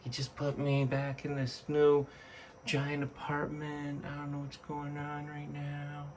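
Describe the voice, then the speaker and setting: A man voicing his confused, grumpy pet lizard in a quiet, muttered aside during a home video. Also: fairly high pitch, monotone, unhurried, a little hiss or hum, natural voice. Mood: bewildered.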